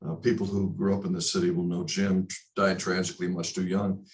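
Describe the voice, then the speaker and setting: Animated man telling a broadcasting story. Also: a little fast, poor audio. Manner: animated, rises sharply in pitch for emphasis; reflective, talks in short stop-start phrases. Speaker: guest, broadcaster. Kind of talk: storytelling in a casual interview.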